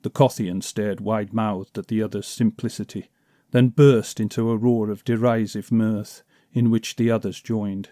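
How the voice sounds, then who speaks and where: A man narrating an adventure story as an audiobook reader, in a measured, descriptive manner. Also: on the low side, steady tone, dark tone, no room sound, studio quality.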